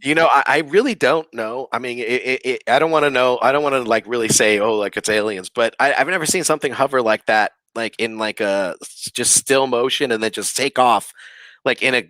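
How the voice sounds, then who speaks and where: Here a man with a medium-pitched, pushed and bright voice talks a little fast over a dry recording. A podcast guest, he tells his ghost story in a rambling, filler-heavy way, leaning on "like" and "you know," and acts out what people said.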